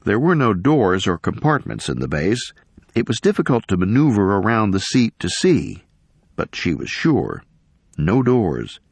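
A man reading a story aloud in measured scripted narration. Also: lowish voice, big pitch swings, vocal fry, husky, no room sound. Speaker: audiobook narrator.

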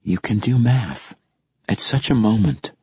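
A tender, teasing young woman murmurs in a hushed whispered role-play, as a male audiobook narrator puts her on. The voice sits low and husky, close and dry, with a dull, muffled sound. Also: lively intonation, unhurried, no echo, heavily acted.

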